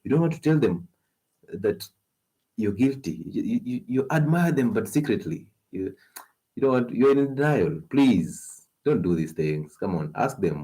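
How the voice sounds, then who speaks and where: A man with a Kenyan accent hosting a health talk stream, animated and coaxing, laughing often as he gives advice. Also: lowish voice, normal speed, breathy edge. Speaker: health show host.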